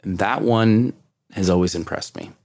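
A man's voice: fairly low pitch, normal speed, creaky, a little mellow, dry recording. A man co-hosting a podcast, chatting casually and joking while tasting whiskey. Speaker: podcast co-host.

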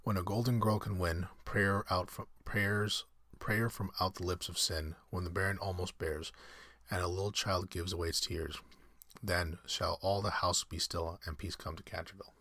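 A man reading a storybook aloud, voicing an earnest, gentle little girl in his own plain voice. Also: deep voice, fairly even intonation, moderate pace, no echo, clean studio sound, full character voice.

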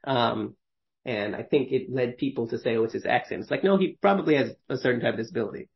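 A man's voice: mid-range voice, lively intonation, quick pace, vocal fry, highs cut off. A man in his thirties, a podcast host telling stories casually, rambling with many fillers and frequent laughs. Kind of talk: casual conversational storytelling.

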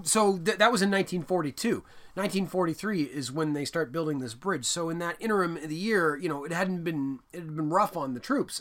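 Young male co-host, high-ish lively voice, jokey and profane. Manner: animated and jokey, swearing and breaking into bits. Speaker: podcast co-host. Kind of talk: casual film discussion podcast.

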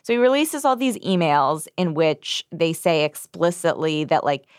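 A woman hosts a podcast with a wry, sarcastic edge, leaning on "like" as she riffs. Her voice sits on the lower side. The sound is dry and close, with no room around it. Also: very animated, normal speed, clean tone, no echo. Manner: sarcastic, lots of "like". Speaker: podcast co-host. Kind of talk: casual comedic chat.

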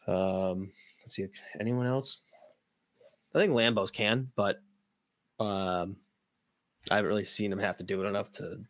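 A man hosting a casual hockey podcast, losing his voice and sounding hoarse, rambling with lots of ums, restarts and casual swearing. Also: sits low, no echo, clean studio sound. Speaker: podcast host. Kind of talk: casual hockey prospect talk.

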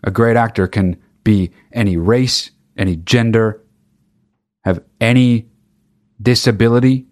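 A man's voice: on the low side, fairly even intonation, unhurried, a little mellow. A man hosting a podcast, ranting in a profane, sarcastic, rambling comedic way. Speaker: podcast host. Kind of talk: comedic rant.

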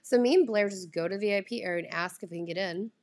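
A woman's voice: medium pitch, very fast, a little mellow. A young woman with a Southern US drawl chatting casually to camera, profane and ranting, laughing often. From Southern United States. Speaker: vlogger. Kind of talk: casual chat.

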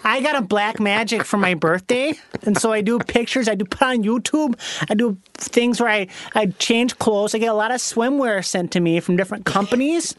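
A man's voice: high-pitched, normal speed, fairly bright tone, no echo. A man voicing a bubbly, naive young Midwestern woman with an Upper Midwest accent and a chirpy, sing-song lilt.

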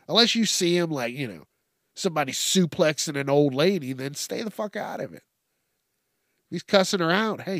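A man's voice: medium pitch, fairly bright tone, dry recording, studio quality. A young man hosting a podcast, ranting casually in a blunt, heavily profane way. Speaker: podcast host. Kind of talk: casual solo rant.

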